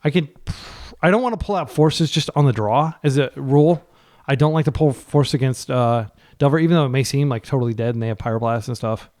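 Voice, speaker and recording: A man giving casual, running commentary while playing an online card game. He gets excitable, pleads with his deck, and his voice jumps up when he is frustrated. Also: medium pitch, a little fast. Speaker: card game player and channel host.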